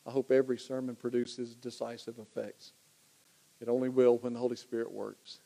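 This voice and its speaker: A man's voice: mid-range voice, level tone, fairly quick, vocal fry, mellow. A man preaching a sermon, talking conversationally and building to emphatic repetition. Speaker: pastor.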